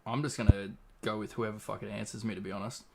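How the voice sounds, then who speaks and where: A man's voice: fairly low pitch, flat delivery, quick pace, creaky, a crowd in the background. An Australian man hosting a livestream in casual chat, laid-back and swearing freely as he reads out chat messages. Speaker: livestream host.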